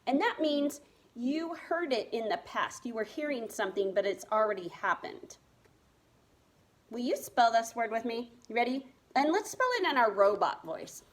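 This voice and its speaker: A woman's voice: fairly high pitch, expressive, moderate pace. A woman teaching a reading lesson to first graders, spelling words letter by letter in a patient, encouraging way. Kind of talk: remote reading lesson for young children.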